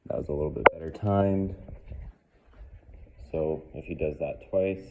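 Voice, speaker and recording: Deep-voiced man, tinny phone-like sound. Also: unhurried, heavy background noise. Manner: calm explaining between short firm commands. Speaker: dog trainer. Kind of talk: hands-on training demonstration.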